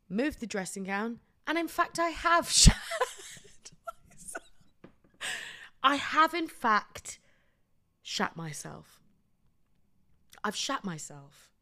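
A woman's voice: a little high, bright, forceful tone. Blunt, sweary British woman host. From Britain. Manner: blunt, sweary, self-deprecating. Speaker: podcast host. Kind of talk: comic storytelling monologue.

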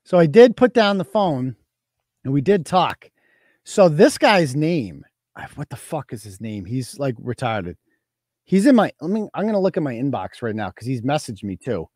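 A man's voice: mid-range voice, very animated, moderate pace, a little mellow, dry recording, clean studio sound. A man hosting a live weekend show, telling stories in a boastful, profane, offhand way. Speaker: host. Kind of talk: casual live-show chat.

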